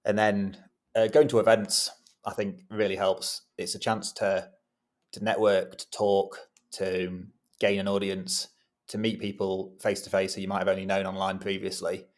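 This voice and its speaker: A man, a freelance copywriter, chatting casually as a podcast guest, self-deprecating and quick to laugh. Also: sits low, monotone.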